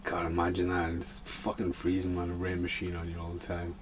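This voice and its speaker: A man's voice: low voice, monotone, brisk, a little hiss or hum. A man casually chatting and swearing his way through a film commentary for his podcast. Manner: swears a lot, chatty and offhand.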